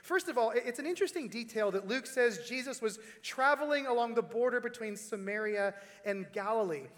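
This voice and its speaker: A middle-aged pastor preaches a sermon in a church sanctuary. His voice sits high for a man, and a long hall reverb trails each phrase. He delivers it in an animated, storytelling way, with casual asides to the congregation. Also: brisk.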